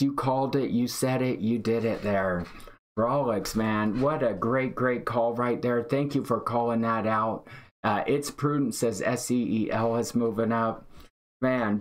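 A man hosting a live day-trading stream, excitedly reading out chat and calling trades. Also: mid-range voice. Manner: excited, hyped, reads chat aloud. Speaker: day-trading livestream host.

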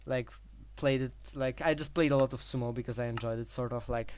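A man's voice: mid-range voice, steady tone, a little fast, a little mellow, slight background noise. A man giving casual gameplay commentary, rambling with many fillers and short laughs between phrases. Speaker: gaming channel host.

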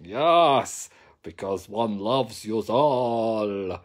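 A man's voice: lowish voice, expressive, drawn-out words. A man, a psychic medium, chatting cheekily and jokily to viewers on a live stream from his sofa at home into a phone. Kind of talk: casual live-stream chat.

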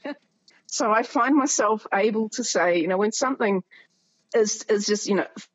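A woman's voice: mid-range voice, moderate pace, slightly rough, no room sound, muffled recording. A woman with a New Zealand accent, a musician and writer, chatting as a podcast guest. She tells stories with animation, laughs often and acts out the voices of the people she quotes. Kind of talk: casual conversation. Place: home in Germany near the Polish border.

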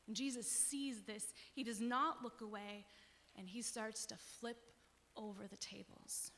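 A woman pastor giving an earnest, conversational sermon with emphatic pauses. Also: on the high side, steady tone, pushed and bright, slight background noise. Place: church sanctuary. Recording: long church reverb.

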